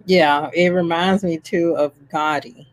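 A podcast co-host chats about old films at a slow, unhurried pace, easygoing and quick to laugh. The recording is dry and close to the mic. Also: medium pitch, steady tone, no echo. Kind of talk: casual film chat.

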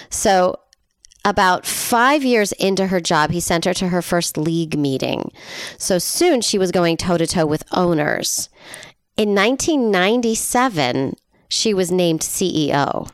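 A woman's voice: on the low side, expressive, unhurried, clear, resonant tone, no room sound, studio quality. A woman co-hosting a podcast in casual chat, telling stories, chatty and laughing often. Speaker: podcast co-host.

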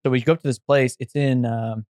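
A man's voice: mid-range voice, steady tone, a little fast, a little mellow, dry recording, clean studio sound. Rambling young man telling a story. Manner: rambling, full of fillers and restarts. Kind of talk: casual chat, storytelling.

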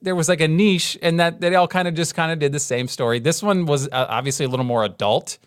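A man's voice: fairly high pitch, fast talker, smooth, no echo, clean studio sound. A man in his thirties co-hosting a podcast, chatting casually and rambling with frequent restarts. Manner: rambling, restarts often, animated retellings. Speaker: podcast co-host. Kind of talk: casual chat.

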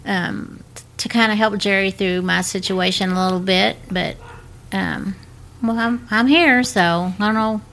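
A woman co-hosting a podcast in casual chat, teasing and quick to laugh. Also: mid-range voice, steady tone, gravelly, fairly bright tone. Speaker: podcast co-host.

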